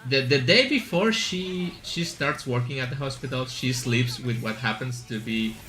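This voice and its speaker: A man's voice: medium pitch, moderate pace, bright, forceful tone. A man streaming a game, chatting casually and rambling with asides and fillers as he plays. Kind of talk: casual chat while gaming.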